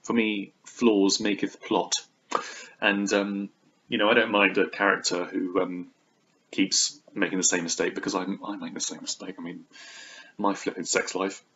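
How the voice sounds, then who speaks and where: A man's voice: deep voice, flat delivery, normal speed, a bit bright. Chatty man, dull lo-fi sound. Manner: chatty and theatrical, slipping into exaggerated quoted voices. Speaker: book vlogger. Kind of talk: casual book review vlog. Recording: dull lo-fi recording.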